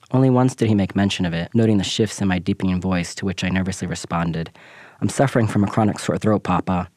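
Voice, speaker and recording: A man with a very deep voice narrates a scripted personal essay, measured and reflective. The sound is close and dry, with no room around it. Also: a little mellow, no room sound.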